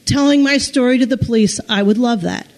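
A woman tells a personal story aloud in a fairly high voice. She speaks haltingly, starting sentences over and over and breaking into small nervous laughs. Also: a little mellow.

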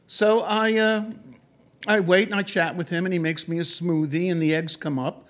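A man telling a travel story in an animated, digressive way, with many fillers and restarts. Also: high voice, normal speed. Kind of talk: anecdotal storytelling.

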